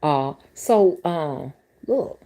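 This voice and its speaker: A woman's voice: sits low, lively intonation, very slow, mellow, a little hiss or hum. A woman who works as a rootworker and spiritual reader, telling stories to camera in a blunt, colorful way, with exclamations and asides to her viewers. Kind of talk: casual storytelling to camera.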